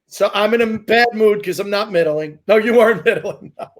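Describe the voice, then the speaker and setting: A man, a comedian, telling rambling, animated stories in casual chat, laughing as he goes. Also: high voice, a little fast.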